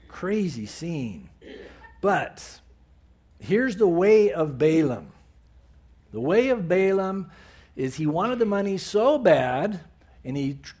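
A male preacher retelling a Bible story in a sermon, with animated storytelling and bursts of emphasis. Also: fairly high pitch, husky.

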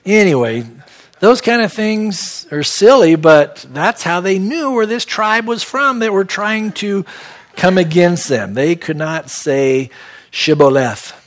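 Guy pastor teaching the bible at a midweek service, chatty asides, slightly high voice. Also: animated, takes it slowly. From San Diego. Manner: conversational, folksy asides.

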